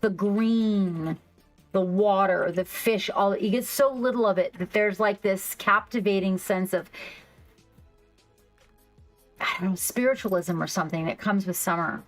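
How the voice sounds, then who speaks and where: A woman hosting a casual livestream, rambling excitedly and reacting to her chat. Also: mid-range voice, moderate pace, low-quality recording. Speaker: livestream host. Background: faint background music.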